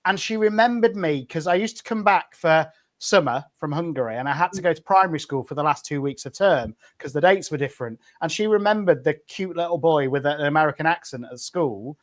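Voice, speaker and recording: A man's voice: on the high side, lively intonation, a little fast, few pauses. A British man hosting a casual livestream chat, telling anecdotes and laughing easily. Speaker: livestream host.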